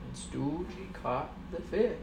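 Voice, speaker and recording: A woman's voice: sits low, expressive, takes it slowly, gravelly, roomy sound, far from the mic, background noise. A mother telling her children an improvised, rambling story in a playful way, laughing as she goes.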